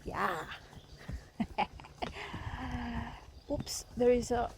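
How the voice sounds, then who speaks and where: A woman chatting excitedly and giggling while riding her horse outdoors, holding the camera. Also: a little high, drawn-out words, creaky, noisy background. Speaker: riding coach vlogger. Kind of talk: casual vlog. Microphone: handheld camera.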